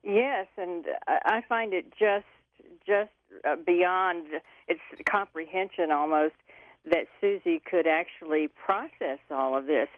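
A woman guest on a radio show, answering hesitantly with many pauses and fillers. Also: lowish voice, no echo. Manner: hesitant, lots of uh's. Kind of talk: interview answer. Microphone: telephone. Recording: tinny dry phone line.

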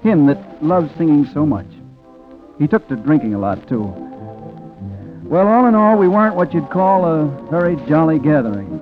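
An actor narrating a 1940s radio drama as a reflective man, quiet and rueful. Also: fairly high pitch, sing-song, normal speed. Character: reflective man telling a sad story. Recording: tinny old radio recording with music.

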